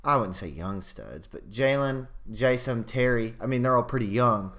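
A man co-hosting a casual sports podcast, animated and profane, acting out quotes as he tells stories. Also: medium pitch, normal speed. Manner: animated, swearing, acts out quotes. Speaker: podcast co-host.

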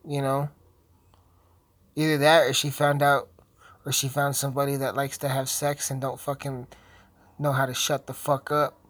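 A young man who is high, rambling through casual commentary while swearing and joking constantly. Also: flat delivery, normal speed, pauses often, fairly bright tone, dry recording. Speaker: video host.

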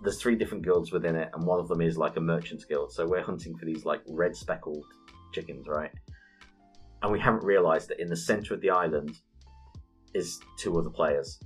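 Guy in his 30s, husky lowish voice, laughing through a wild game story, bit of music behind. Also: a little fast. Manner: animated storytelling, swears freely, laughs often. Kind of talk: casual gaming chat.

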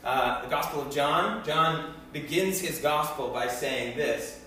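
A man's voice: on the high side, unhurried, bright, forceful tone. A man preaching a sermon in a casual, conversational way, with many asides to his listeners. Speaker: pastor. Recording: echoey hall, voice from far off.

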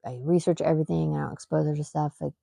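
A woman's voice: sits low, steady tone, fast talker, vocal fry, dark tone, breathy edge, no echo, studio quality. A woman and mother hosting a podcast, telling a story in a rambling, emphatic way, full of fillers and restarts. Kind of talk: casual storytelling.

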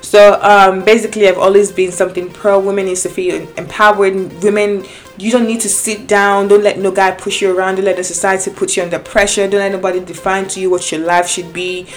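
A young woman telling her viewers a personal story in a casual, animated way, with many restarts and quoted exchanges. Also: medium pitch, fairly quick, soft background music. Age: young adult. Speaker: vlogger.

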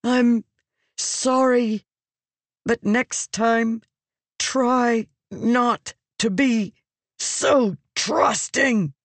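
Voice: medium pitch, steady tone, drawn-out words, dry recording, pitched above the performer's own voice. A narrator voicing a determined, guarded older woman, speaking tensely through gritted teeth for an audiobook. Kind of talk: audiobook character reading.

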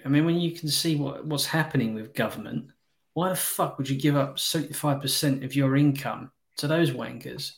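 British man, mid-pitched, blunt, swears freely, casual chat. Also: normal speed, gravelly.

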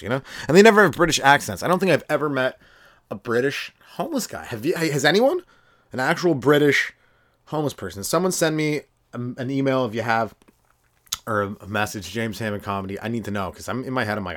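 A young man hosting a solo comedy podcast from his trailer, rambling between riffs and popping into quick silly voices. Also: mid-range voice, lively intonation, fairly bright tone, no echo, studio quality. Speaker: stand-up comedian, podcast host.

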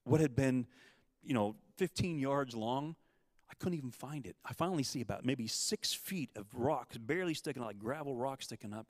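A middle-aged man giving a personal testimony, telling a story with lively acted-out quotes. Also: medium pitch, normal speed, no room sound. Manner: animated storyteller, acts out quotes. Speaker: guest storyteller.

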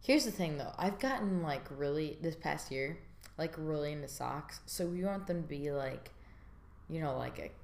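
Low-voiced giggly young woman. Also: expressive, normal speed, gravelly. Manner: giggly, valley-girl slang, says "like" and "bro" a lot. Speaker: podcast guest. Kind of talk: casual chat.

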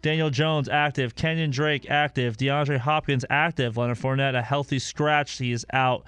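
A man hosting a casual sports radio show, jokey and rambling with quick restarts. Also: mid-range voice, fairly even intonation, a bit bright, clear, resonant tone, dry recording.

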